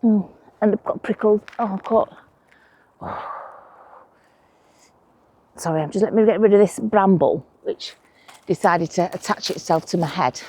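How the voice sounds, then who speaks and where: A woman's voice: mid-range voice, unhurried, long pauses, mellow, breathy edge. A woman chatting casually to camera while working at her allotment, with playful conspiratorial asides. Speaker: allotment vlogger. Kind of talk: casual chat while gardening. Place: outdoor allotment garden.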